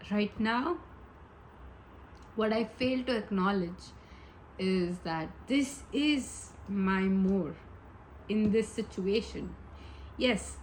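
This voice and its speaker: A woman's voice: mid-range voice, a little hiss or hum, low-quality recording. A woman giving a casual pick-a-pile tarot reading, chatty and giggly, rambling with many asides. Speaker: tarot reader.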